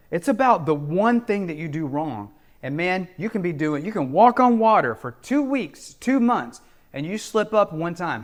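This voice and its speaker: A middle-aged man giving relationship coaching straight to camera, in an emphatic, repetitive, preacherly manner. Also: high-pitched. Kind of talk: direct-to-camera advice talk.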